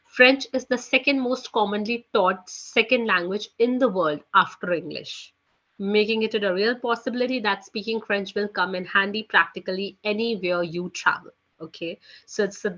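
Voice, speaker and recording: A woman's voice: mid-range voice, moderate pace, bright, forceful tone, highs cut off. A woman teaching French in a live online class, chatty, leaning on "you know" and "guys". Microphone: video call.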